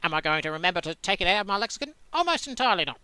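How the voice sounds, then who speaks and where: A man's voice: high voice, very animated, racing, pushed and bright, clear, resonant tone, no echo. A man giving casual commentary while playing solitaire, rambling and self-interrupting as he muses aloud with dry, playful wordplay. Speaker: host playing solitaire on screen.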